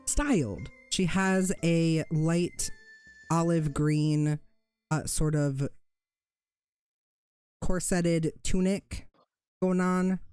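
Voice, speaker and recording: A game master narrating a tabletop fantasy game in a descriptive way, pausing to correct themselves now and then. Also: medium pitch, warm tone, smooth, no room sound. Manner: slow, descriptive, with small self-corrections.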